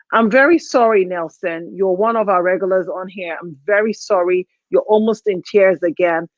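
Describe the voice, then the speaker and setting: A woman hosts a live call-in talk show, emotional and hesitant, stumbling through restarts. Her voice sits in a middle pitch. The stream audio is dull, lo-fi and dry. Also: dry recording.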